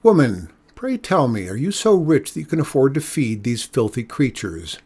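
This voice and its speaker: A man voicing a gruff, rude old lighthouse keeper who calls out mockingly in a storybook reading. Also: mid-range voice, expressive, moderate pace, darkish tone, natural voice. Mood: scornful.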